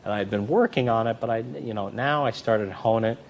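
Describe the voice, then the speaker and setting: A man's voice: a little fast, vocal fry, slight background noise. A man, a magician and comedy performer, telling anecdotes in an interview and acting out the voices of the people in them. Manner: animated, acts out quoted voices with big swings in pitch and loudness.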